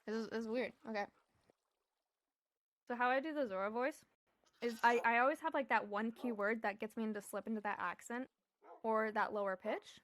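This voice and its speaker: A woman's voice: fairly high pitch, a little hiss or hum. A young woman streaming a game, chatting casually and laughing often. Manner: chatty, excitable, quick to laugh. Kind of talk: casual gaming stream chat.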